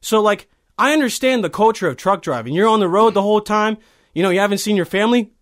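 A man's voice: high voice, expressive, fast talker, a bit bright. A man in his early twenties, from Bosnia, telling a heated, profane story in casual chat. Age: early 20s.

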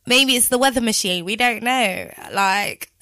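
Woman, radio host, chatty and giggly, bright tone, dry close sound. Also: on the high side, a little slow, no room sound. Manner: chatty and giggly, with many fillers. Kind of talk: casual radio chat.

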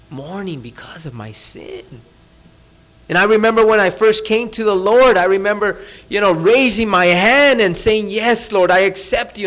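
A man preaching a sermon as a pastor, talking conversationally, asking the audience rhetorical questions and dropping to a hushed voice for emphasis. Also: high-pitched. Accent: Californian. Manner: drops to a soft, hushed voice for emphasis. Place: church.

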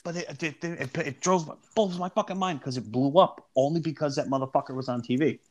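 A man's voice: fairly high pitch, fairly quick. A young man co-hosting a casual chat, full of slang and swearing, joking around. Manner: slangy, profane, laughing banter.

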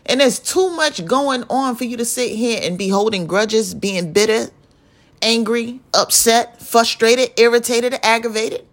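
Young woman, high-ish voice, blunt, profane, emphatic, venting monologue. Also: unhurried. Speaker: vlogger.

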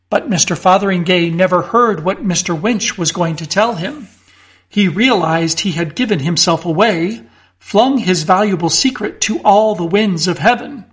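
A man narrating a classic story in a measured, expressive way. His voice sits high. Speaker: audiobook narrator. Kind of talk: reading a classic story aloud.

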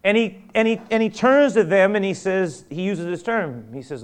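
Man, pastor, sermon, hushed to booming, acts out quotes. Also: moderate pace, few pauses, clean tone. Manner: dramatic swings from loud urgent peaks to hushed near-whisper; acts out quotes of biblical figures.

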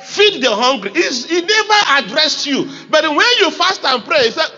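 A man's voice: very high-pitched, big pitch swings, normal speed, hardly any pauses, sharp tone, highs cut off. A man with a Nigerian accent preaching a sermon as pastor, emphatic and calling on the congregation to repeat lines back.

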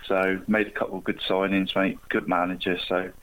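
A man's voice: low voice, little pitch movement, a little fast, fairly bright tone, rough recording. A man phoning in to a radio show, rambling casually about his football bets and tacking "mate" onto almost every phrase. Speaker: radio phone-in caller. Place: at home by an open patio door.

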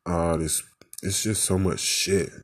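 A man's voice: sits low, fairly even intonation, slow pace. A man venting in an angry, profane rant, full of rhetorical questions and frustration.

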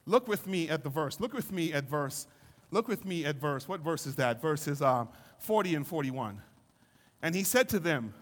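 A man preaching a sermon, moving from calm teaching to shouted, sing-song preaching and acting out voices from scripture. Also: a little high, moderate pace, big-room sound. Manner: acts out voices of scripture figures.

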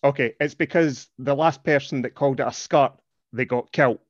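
A man's voice: medium pitch, moderate pace, no room sound. A man co-hosting a podcast, teasing and telling dad jokes. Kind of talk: casual podcast chat. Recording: dry, dull lo-fi sound.

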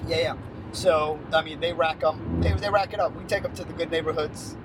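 This thirtysomething man's voice is a little high, fairly quick and creaky as he relays a story in casual conversation. Full of energy, he imitates the people he quotes and breaks into laughter mid-story, while outside traffic makes the recording noisy.

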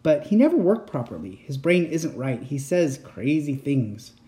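A jovial inventor uncle, as a man puts him on, brisk and reassuring in a storybook reading. His voice is mellow and lively, with plenty of movement in the pitch.

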